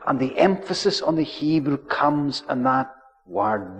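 A preacher delivers his sermon at an unhurried pace, leaning on key words with solemn weight. His voice sits at a middling pitch for a man. The recording is dull and lo-fi, with a long reverb trailing through the church. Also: expressive.

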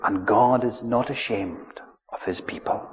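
A man preaching a sermon in a church, measured and solemn, drawing out his key words. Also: on the low side, slight background noise. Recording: dull lo-fi recording, long church reverb.

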